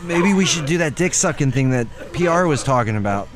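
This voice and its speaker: A man's voice: on the high side, a little fast, crowd noise. A young man joking and swearing through casual gaming banter with friends. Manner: joking, excitable, swears a lot. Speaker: gamer.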